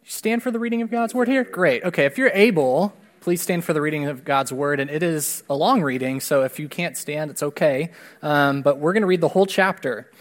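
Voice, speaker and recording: With a voice on the high side, a pastor works through a lengthy scripture reading for his congregation at a church service. His delivery is steady and measured, lifting emphatically on important words.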